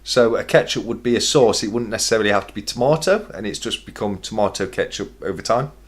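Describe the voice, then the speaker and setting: A man's voice: lowish voice, quick pace. A man hosting a casual chat on a video call, laughing often and reading out viewer comments. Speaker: host.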